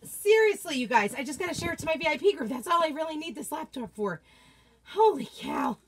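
High-voiced excitable woman vlogger. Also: a little fast. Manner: chatty, excitable, greets viewers by name. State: out of breath. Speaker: craft vlogger hosting a livestream. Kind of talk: casual livestream chat.

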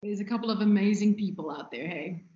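A woman's voice: medium pitch, fast talker, mellow. Lady teaching a class, lots of ums, roomy echo. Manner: casual, hesitant with ums. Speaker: lecturer. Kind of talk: casual lecture. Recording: echoey room, dull lo-fi sound.

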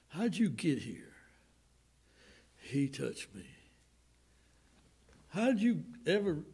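Impassioned Southern preacher, slow and high. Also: male voice. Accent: Southern American. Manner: impassioned preaching with wide swings from loud outbursts to hushed, slowed lines. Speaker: pastor. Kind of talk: sermon. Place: church sanctuary.

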